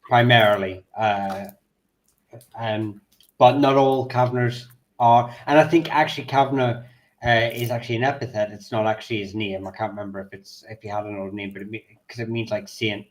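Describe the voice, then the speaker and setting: A man's voice: lowish voice, fairly even intonation, brisk. Hesitant man explaining history. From Northern Ireland. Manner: hesitant, many ums and uhs, thinking aloud. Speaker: history guest. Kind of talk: casual explanatory chat.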